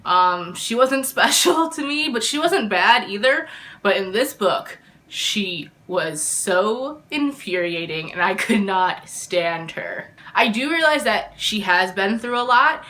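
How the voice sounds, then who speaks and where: A woman's voice: medium pitch, pushed and bright. A woman giving an exasperated, opinionated review of a book in a casual vlog.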